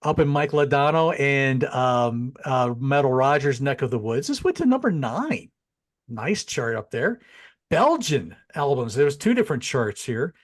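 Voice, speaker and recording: A middle-aged man hosting a casual chat show, animated and chatty, wandering into asides. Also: medium pitch, a little slow. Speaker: podcast host. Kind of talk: casual chat over a video call.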